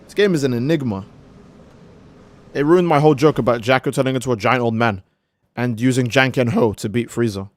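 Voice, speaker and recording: A man's voice: medium pitch, brisk, pauses often, no echo. A young man streaming a game, rambling and joking with profanity in casual commentary. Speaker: gaming streamer.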